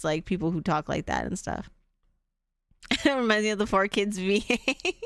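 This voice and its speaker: A woman's voice: fairly high pitch, a bit bright, clear, resonant tone, no echo, studio quality. A woman streamer chatting casually through gameplay, laughing often and greeting her chat. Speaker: game streamer.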